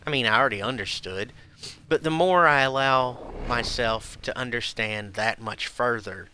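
A man's voice: mid-range voice, normal speed, pushed and bright, a little hiss or hum. Profane man ranting heatedly. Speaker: streamer. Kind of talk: angry ranting while gaming.

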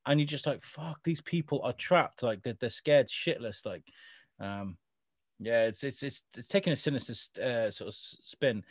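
A man's voice: medium pitch, normal speed, no room sound. Man co-host, casual, swears freely, dry close sound. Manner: swearing, animated retelling with quoted voices. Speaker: podcast co-host. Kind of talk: casual chat.

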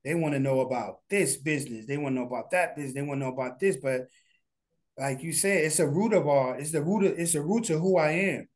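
A man's voice: a little high, quick pace. A man being interviewed as a guest, talking casually and heartfelt, often restarting his sentences. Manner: earnest, heartfelt, rambling with restarts. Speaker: studio founder, guest.

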